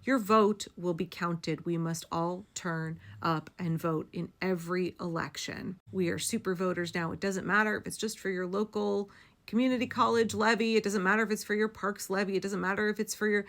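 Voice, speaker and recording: Gravelly-voiced woman giving fiery commentary. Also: medium pitch, steady tone, moderate pace, fairly bright tone. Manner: emphatic, impassioned, blunt, swears for emphasis. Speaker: political commentator. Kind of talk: direct-to-camera political commentary.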